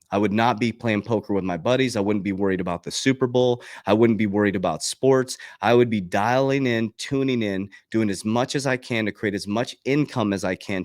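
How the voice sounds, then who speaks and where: With a fairly low voice and studio-quality sound free of room echo, a crypto coach addresses his webcam on his own channel. His talk is a fired-up, preachy motivational speech, laced with swearing and acted-out quotes.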